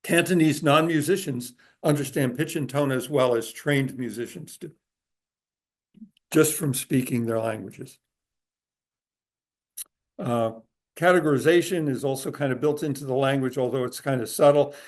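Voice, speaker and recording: A man giving a talk to a group in a room, explaining at an easy pace with frequent filler pauses. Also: medium pitch. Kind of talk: conversational lecture. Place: room with a live audience.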